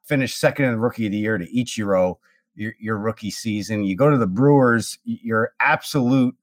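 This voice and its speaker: A man's voice: lowish voice, a little fast, no echo, clean studio sound. A man hosting a casual interview, joking and enthusiastic as he asks his questions. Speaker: host.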